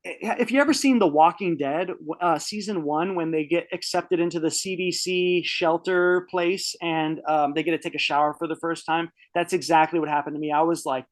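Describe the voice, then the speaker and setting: A man's voice: on the high side, fairly even intonation, normal speed, hardly any pauses. A man in his early thirties telling a personal story on a podcast, casual and rambling, swearing freely with many restarts. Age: 30s. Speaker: podcast guest.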